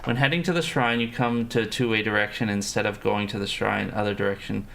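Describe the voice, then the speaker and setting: A man's voice: lowish voice, fairly even intonation, fast, creaky, fairly bright tone, slight background noise. A man streaming a horror game live, chatting casually with viewers, joking and swearing freely. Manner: loose, swears freely, jokey asides. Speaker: gaming livestreamer. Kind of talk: casual live game commentary, reading chat.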